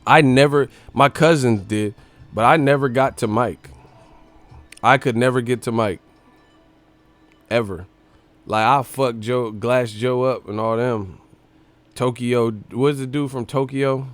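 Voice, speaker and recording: A young man hosting a casual boxing live stream, talking loosely and profanely, now and then doing quick impressions. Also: medium pitch, no echo, faint music behind. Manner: profane, animated, slips into impressions.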